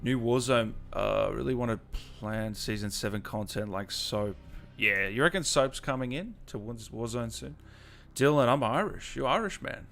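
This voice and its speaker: A man's voice: medium pitch, normal speed, gravelly, a bit bright. A sleepy Australian man chats easily on his live stream, reading out viewer comments and answering them as they come. His voice sits in a middle register for a man, and faint music plays behind him. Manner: laid-back, reads viewer comments aloud and answers them. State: tired, just woke up. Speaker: gaming stream host. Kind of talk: casual live-stream chat.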